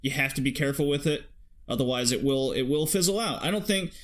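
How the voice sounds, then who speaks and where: A man co-hosting a casual gaming podcast, reading out a listener review and chatting with friends in an animated way. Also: medium pitch, fast talker. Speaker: podcast co-host.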